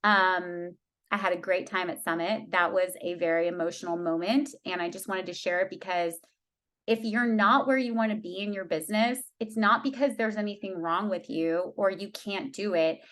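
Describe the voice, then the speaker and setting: A woman's voice: fairly low pitch, fairly even intonation, moderate pace, fairly bright tone. A woman in her thirties, a team leader telling her team an emotional story in a candid talk, with many restarts.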